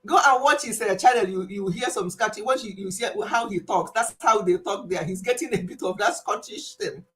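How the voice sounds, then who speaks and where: Animated Nigerian woman chatting on a live stream. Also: medium pitch, brisk, slight background noise, low-quality recording. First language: Igbo. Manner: animated storytelling, laughs often, mixes in Igbo words. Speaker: health channel host. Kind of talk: casual live-stream chat.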